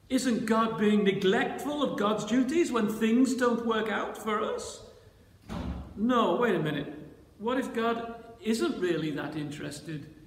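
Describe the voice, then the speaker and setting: A man preaching a sermon in a church, dramatic, at times raising his voice to a shout as he voices the disciples' cries. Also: high voice. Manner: dramatic, voice rising to shouts when voicing the disciples. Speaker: pastor. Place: church sanctuary. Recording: roomy church reverb.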